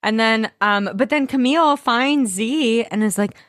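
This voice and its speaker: A woman with a fairly high voice speaks a little slowly while co-hosting a podcast over a video call mic, with dry, studio-quality sound. She chats casually about a TV episode, animated and gushing, recapping it and doing playful impressions of the characters.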